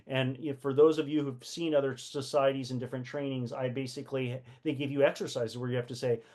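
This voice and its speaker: A man's voice: mid-range voice, flat delivery, brisk, a little mellow. A man hosting a casual live-stream book talk, full of rhetorical questions, fillers and restarts. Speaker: host of a community book session.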